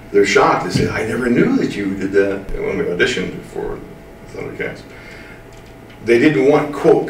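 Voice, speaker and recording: A man's voice: low voice, gravelly, slight background noise. Older man, interview storytelling, drawling, emphatic, distant mic, roomy echo. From American Midwest. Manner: drawling, slow to get things said, emphatic. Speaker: voice actor interviewee.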